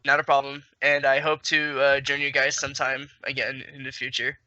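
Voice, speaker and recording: Flat, bright-voiced man on a lo-fi call. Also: medium pitch, fairly quick, no echo. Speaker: podcast guest. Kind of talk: casual group podcast chat. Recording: dull lo-fi call audio.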